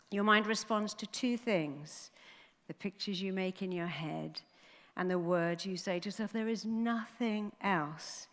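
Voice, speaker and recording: A woman therapist delivers a motivational talk on stage. She is emphatic and animated, slipping into the voices of the people in her stories. Her mid-range voice carries a long hall reverb. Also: medium pitch, a little slow. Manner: animated storyteller, emphatic, acts out dialogue. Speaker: therapist and speaker.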